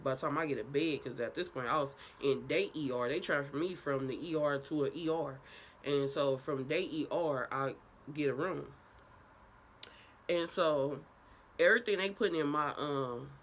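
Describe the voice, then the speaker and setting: A woman's voice: low-pitched, slight background noise. Young woman telling a profane story. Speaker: vlogger. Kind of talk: casual storytime.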